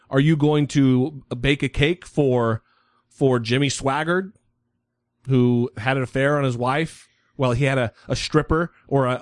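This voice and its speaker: A man's voice: mid-range voice, dry recording. A man co-hosting a podcast, ranting in heated, profane casual chat. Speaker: podcast co-host.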